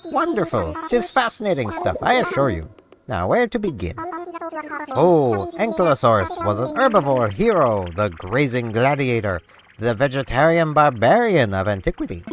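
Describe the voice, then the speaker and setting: A man voicing a fussy, excitable male owl who runs a museum, speaking in pompous, flowery, old-fashioned phrases with gushing exclamations. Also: medium pitch, normal speed, over music, pitched above the performer's own voice. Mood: lecturing.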